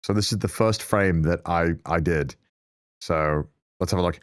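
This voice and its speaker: A man's voice: low voice, normal speed, no room sound, studio quality. A young man from northern England reacting to his own old videos in casual, self-mocking commentary, swearing freely.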